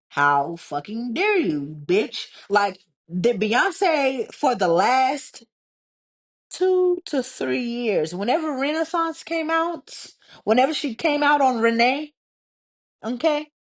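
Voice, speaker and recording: A young woman from Texas hosts her own podcast and rants solo, cursing constantly and full of sarcasm. Her voice sits a little high for a woman, and she swings between drawn-out mockery and quick, heated outbursts. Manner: profane, heated and sarcastic, mocking others in put-on voices. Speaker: podcast host. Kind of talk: casual solo podcast rant.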